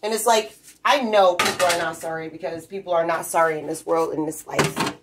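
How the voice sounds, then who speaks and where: A woman's voice: on the low side, steady tone, fairly quick. Blunt, profane woman ranting over noise. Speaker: vlogger. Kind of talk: profane rambling rant to camera. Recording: noisy recording with clicks.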